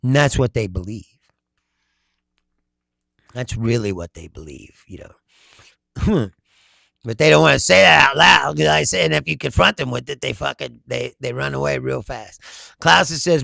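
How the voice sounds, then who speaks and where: Reading viewer comments during a casual political chat, a middle-aged host responds with laughing, profane and animated storytelling. He talks at a normal speed with vocal fry in a medium-pitched voice, and the recording is dry with clean studio sound.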